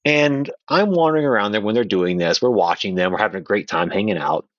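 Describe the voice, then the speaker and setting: A man guest on a podcast telling a playful anecdote in a casual, animated way. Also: fairly low pitch, fairly quick, no room sound, muffled recording. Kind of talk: casual storytelling.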